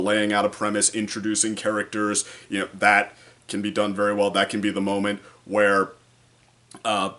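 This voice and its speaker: A man's voice: fairly low pitch, a bit bright. A man reviewing an anime episode in a casual vlog, rambling with many fillers and restarts and sometimes mimicking characters.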